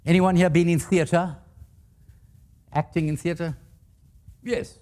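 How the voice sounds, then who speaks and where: A man's voice: on the high side, steady tone, unhurried, darkish tone. An older man giving a leadership talk to a live audience, telling stories with humor and asking the audience questions. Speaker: guest speaker.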